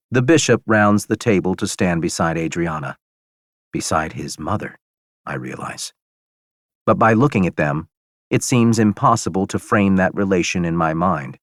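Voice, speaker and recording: A man narrating a first-person audiobook in a steady, measured storytelling manner on a close studio mic. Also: low-pitched, dry recording.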